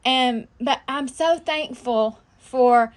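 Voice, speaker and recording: A woman's voice: high-pitched, slow. A woman on a video call, emotional and gushing as she thanks a speaker. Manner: gushing, effusive. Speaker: sales consultant, meeting participant. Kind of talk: casual video-call sharing. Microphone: video call microphone.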